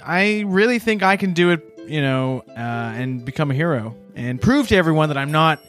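A man's voice: fairly high pitch, animated, normal speed, fairly bright tone, faint music behind. A man playing an earnest, touchy stitched-together bard in a tabletop game. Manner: earnest, defensive. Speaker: podcast host, player.

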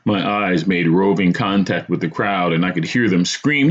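A man's voice: low voice, moderate pace. A man hosting a podcast, telling a true story from his own life in a dramatic first-person style. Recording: dull lo-fi recording.

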